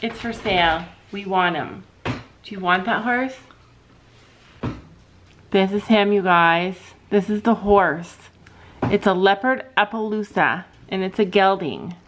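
A woman's voice: mid-range voice, a little slow, pauses often, a little hiss or hum. A woman chatting casually in a family vlog, talking to viewers and her pet bird. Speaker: family vlogger. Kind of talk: casual vlog chat to camera.

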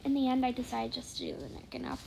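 A woman casually narrating her drawing process, hesitant with many fillers and often dropping to a soft whisper. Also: high-pitched, fast, gravelly, slight background noise, rough recording. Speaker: drawing channel host.

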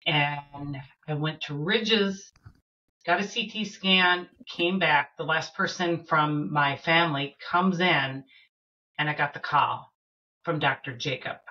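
Low-voiced woman recounting a hard story. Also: sharp tone, muffled recording. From Minnesota. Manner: earnest, halting, with fillers and restarts. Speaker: podcast guest. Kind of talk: personal storytelling in an interview.

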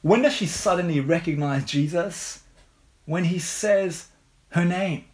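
A man with an English accent preaching a sermon, unhurried and measured, leaning on rhetorical questions. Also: on the high side. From England.

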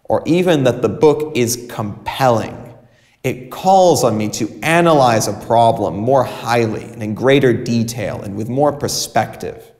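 A man giving an English writing video lecture, with a lively, expressive delivery and dramatic pauses. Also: mid-range voice. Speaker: English teacher. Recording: long hall reverb.

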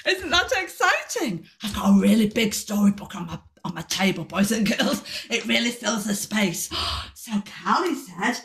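A woman reading a storybook aloud to children in an animated, sing-song way, with gasps and sound effects. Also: mid-range voice, moderate pace, echoey room, distant mic.

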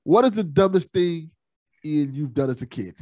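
High, lively male podcast host. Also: normal speed. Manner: laughs along, asks questions from a list. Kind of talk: casual podcast interview.

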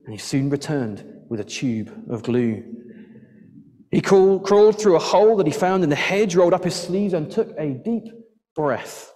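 A man reads a rhyming children's story aloud during a church service, lively and playful in his delivery. His voice is warm and mellow. A long reverb from the church hangs on every line. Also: a little high, moderate pace. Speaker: church children's address leader. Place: church sanctuary.

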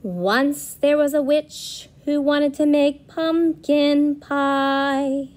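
A woman reading a picture book aloud to young children as a preschool teacher, asking them questions as she goes. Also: high voice. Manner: slow, lively storytelling, asking children questions.

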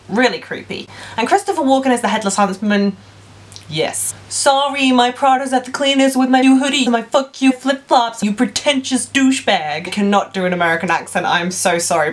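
A woman's voice: fairly low pitch, fairly bright tone. A young woman vlogging casually about films, gushing with enthusiasm and playful sarcasm. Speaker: film vlogger. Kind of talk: casual vlog.

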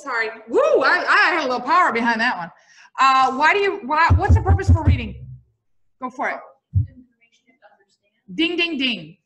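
A middle-aged woman lectures a class, her voice high and bright. She moves around and tells stories with lively energy, and keeps asking the students questions. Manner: lively, bouncy, quizzes the audience. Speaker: teacher.

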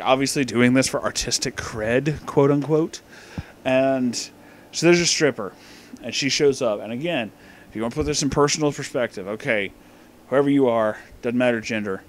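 A man's voice: mid-range voice, a little hiss or hum. A drunk man rambling through a profane, meandering movie commentary, often losing his place, recorded in his office. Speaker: movie reviewer.

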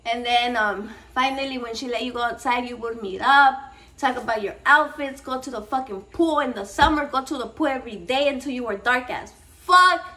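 A woman in her thirties with a high voice, rambling excitably to her viewers and swearing freely. She slips Spanish slang into her English and sounds a bit shaky. She sits a step back from the mic. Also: moderate pace, far from the mic, slight background noise, rough recording. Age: 30s. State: a little shaky and nervous. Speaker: cooking vlog host. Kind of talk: casual rambling chat to camera.

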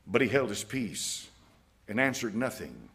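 A man's voice: on the low side, very animated, measured pace, a bit bright. A man preaching a sermon in a folksy, emphatic way, chuckling at his own jabs. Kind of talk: fiery evening sermon.

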